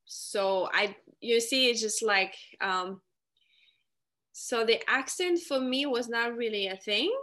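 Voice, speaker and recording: A woman from France with a slight French accent, a guest chatting casually and telling stories in a lively way. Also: on the high side, slow. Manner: lively, animated storyteller, many fillers. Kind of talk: casual chat.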